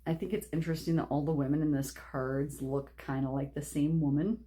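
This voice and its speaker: A woman's voice: low voice, steady tone, fairly quick, mellow. A woman giving a casual pick-a-card tarot reading, rambling and chatty, laughing often. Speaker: tarot reader.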